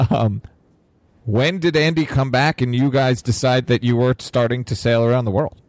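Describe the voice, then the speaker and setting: A man's voice: mid-range voice, steady tone, normal speed, a little mellow. A man hosts a casual podcast interview and mostly listens. He drops in brief acknowledgements and follow-up questions. His voice is recorded close and dry, with no room echo. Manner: attentive, short prompts and follow-up questions. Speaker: podcast host.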